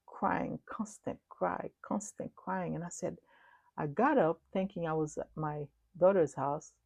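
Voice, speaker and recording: A middle-aged woman preaching a prophetic message in a low, gravelly, mellow voice, recorded dry and close. Her delivery is earnest and repetitive, lurching between loud declarations and hushed words. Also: no echo. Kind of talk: prophetic sermon recounting a dream.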